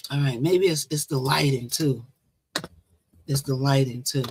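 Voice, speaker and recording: A woman's voice: very deep voice, steady tone, a little slow, a little hiss or hum. A woman hosting a casual live stream, chatting and repeating herself as she greets viewers. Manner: chatty, repeats phrases, talks to viewers directly. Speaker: livestream host.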